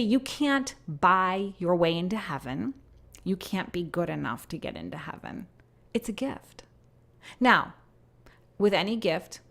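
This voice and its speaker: A woman in her fifties giving a personal spiritual talk, earnest, slowing down and softening when she reads her written messages. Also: mid-range voice, gravelly. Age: 50s. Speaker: host sharing messages from prayer.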